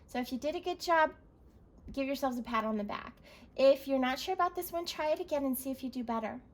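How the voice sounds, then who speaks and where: A woman's voice: high-pitched, poor audio. A woman teacher leading a recorded reading lesson for young children, encouraging and spelling words out letter by letter.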